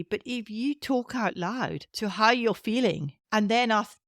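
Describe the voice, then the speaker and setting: A woman with a British accent hosting a parenting podcast, talking in a gentle, earnest and encouraging way. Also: medium pitch, a little slow, few pauses, dry recording, studio quality. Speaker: podcast host. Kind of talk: casual chat.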